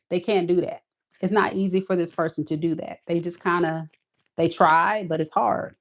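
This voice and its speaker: A woman's voice: on the low side, fairly even intonation, moderate pace. A woman giving a casual tarot reading, talking in a blunt, sassy, emphatic way. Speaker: tarot reader.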